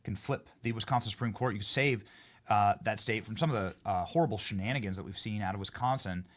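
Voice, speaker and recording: A man hosting a political talk show, jokey and animated, swinging between loud excited bursts and low asides. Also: fast talker. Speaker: host.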